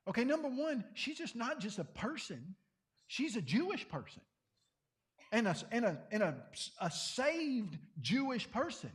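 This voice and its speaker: A man teaching a Bible class to a congregation, conversational and animated, often questioning his listeners. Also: sits high.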